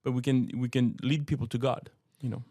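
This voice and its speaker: A man's voice: medium pitch, flat delivery, brisk, mellow, no room sound, clean studio sound. Earnest French-accented man. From France. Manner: earnest, repeats words while searching for phrasing. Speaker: co-host, apologetics teacher. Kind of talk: casual podcast discussion.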